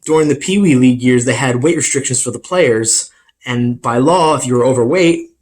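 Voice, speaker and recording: A man's voice: medium pitch, fairly quick, a little mellow. A young man doing a self-deprecating stand-up comedy set, with many fillers. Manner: rambling, filler-heavy, self-deprecating delivery.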